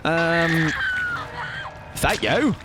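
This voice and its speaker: A man's voice: a little high, lively intonation, very slow, heavy background noise. A man streaming a live game, chatting playfully to his viewers while he plays. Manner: chatty and playful, talks to chat while playing. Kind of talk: live gameplay commentary.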